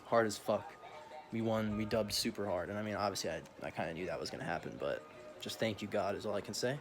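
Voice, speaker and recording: A man's voice: on the low side, fast talker. A young man vlogging a casual, profane rant full of slang, often laughing as he talks.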